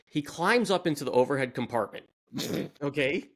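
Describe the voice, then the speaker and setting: A man with a slightly raised voice hosts a relaxed podcast conversation. He tells stories with lively energy and laughs as he talks. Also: on the high side, normal speed. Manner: lively storyteller, laughs while telling. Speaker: podcast host. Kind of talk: casual chat.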